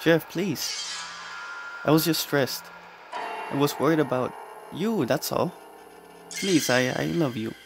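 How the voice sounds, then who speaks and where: A man's voice: a little high, slow pace, long pauses. A man voicing a frightened mother who begs feebly for her life in a horror story reading, with music underneath. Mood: begging. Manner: feeble, begging. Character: terrified pleading mother, a woman.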